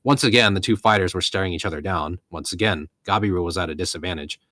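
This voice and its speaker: Low voiced guy from colorado reading a novel out loud, dry sound. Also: fast talker, no echo. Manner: steady narration, occasional self-corrections. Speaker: reader of a light novel.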